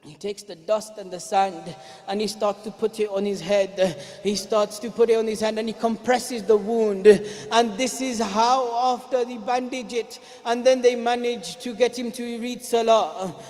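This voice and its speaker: A man with a very high voice delivers a mourning sermon, breaking from plain speech into chanted and cried-out laments. His voice rings through a big mosque hall with a long reverb. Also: fairly even intonation, unhurried, darkish tone. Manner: chants and cries out lines in a mourning melody. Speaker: preacher.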